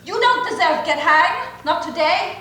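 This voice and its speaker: Actress doing a sharp-tongued immigrant sweetheart, broken english, bouncy high voice, echoey stage. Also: female voice, expressive, unhurried, exaggerated voice. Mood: scolding tenderly. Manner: broken English, teasing and scolding. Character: young immigrant woman, sweetheart, sharp-tongued but tender. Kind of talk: live stage acting. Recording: echoey theater recording with hiss.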